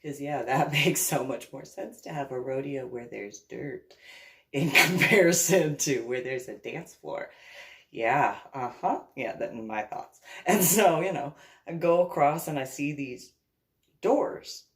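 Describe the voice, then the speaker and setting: A woman's voice: rumbling low, unhurried. A woman from New Jersey telling a rambling personal story, laughing often and acting out the dialogue. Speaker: vlogger. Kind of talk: casual storytelling.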